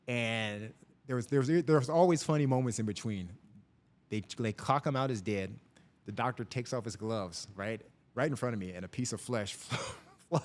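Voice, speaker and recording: Animated storytelling police officer, a man. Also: mid-range voice. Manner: animated storyteller, voices people in his anecdotes. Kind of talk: casual storytelling interview.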